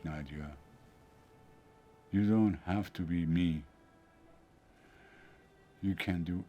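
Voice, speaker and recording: An older man playing a father in a film drama, speaking in a gentle, reassuring way. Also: low voice, a little hiss or hum.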